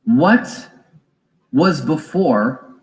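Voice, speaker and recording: A man giving a reflective spiritual lecture, musing and deliberate, with fillers and small asides. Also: a little high, expressive, poor audio. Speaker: spiritual teacher.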